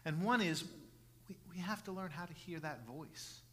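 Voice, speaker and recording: A middle-aged man preaching a sermon as pastor, earnest, restarting phrases with repeated words and building from soft passages to loud emphatic ones. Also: a little high, animated, normal speed. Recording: long reverb of a large hall.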